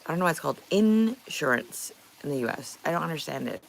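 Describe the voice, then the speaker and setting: A middle-aged woman from Canada talks to her livestream chat, blunt and quick to laugh, swearing as she goes. Her voice is low and gravelly, and her pitch swings widely. A faint hiss of room ambience sits behind her. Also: expressive. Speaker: livestream host. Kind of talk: casual livestream chat with viewers.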